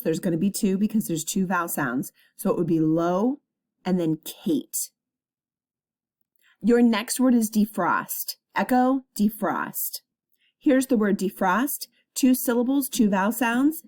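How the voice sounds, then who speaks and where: A woman teacher giving a spelling test, dictating each word slowly and clearly with patient explanations. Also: medium pitch, darkish tone.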